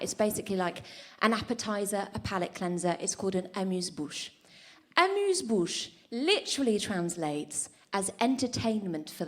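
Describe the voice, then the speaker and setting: Woman comic, animated, high and lively, on a stage mic. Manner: animated, punchy storytelling. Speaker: stand-up comedian. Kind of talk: live stand-up routine. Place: comedy club stage.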